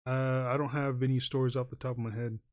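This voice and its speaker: A man's voice: medium pitch, little pitch movement, fast, darkish tone. Male streamer, casual drawing-stream chatter, rambling delivery with frequent chuckles and fillers. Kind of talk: casual livestream chat while drawing.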